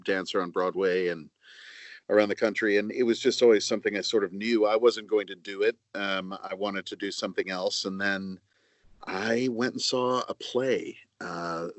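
A man talking as a voice actor guest on a podcast, chatty and self-deprecating with halting restarts. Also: on the low side, steady tone, dry recording. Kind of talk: casual podcast chat.

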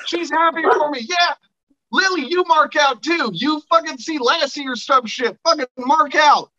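Male co-host, high bright voice, cursing rants, muffled lo-fi mic. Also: moderate pace. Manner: profane, excitable, swings from low mutter to loud rants. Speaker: podcast co-host. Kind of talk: casual chat. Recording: dull lo-fi sound.

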